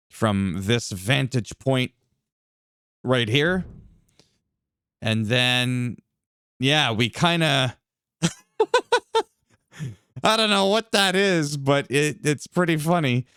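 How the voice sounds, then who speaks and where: A man casually commentating a wrestling video game, reacting loudly, laughing often and swearing freely. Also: medium pitch, slow, long pauses, smooth, dry recording, clean studio sound. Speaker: gameplay commentator.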